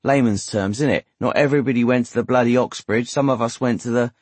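A man's voice: mid-range voice, fast, a little mellow, slightly rough, no room sound, natural voice. A man putting on a blunt, chatty working-class bloke. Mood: chummy.

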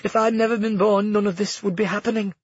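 A man's voice: sits high, flat delivery, fast talker, husky, dry recording, highs cut off, voice pushed up. A man voicing a desperate young sorceress in a raised, strained voice for a storybook reading. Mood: sorrowful.

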